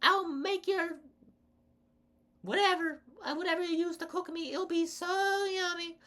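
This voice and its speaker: A vlogger voicing a coquettish bell pepper princess with a put-on Southern drawl, high and sing-song. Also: steady tone, a little slow, pushed and bright, heavily acted. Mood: flirty. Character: flirty bell pepper princess, belle of the ball.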